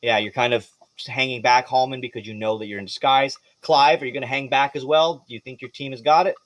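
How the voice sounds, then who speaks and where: A man narrating as game master of a tabletop game, animated and swearing freely. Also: medium pitch, fast, no echo.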